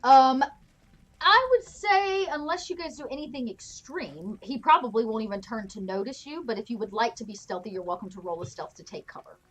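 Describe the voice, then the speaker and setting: A woman's voice: fairly high pitch, lively intonation, brisk, fairly bright tone. A woman narrating a tabletop game as game master, chatty and laughing often, with lots of fillers.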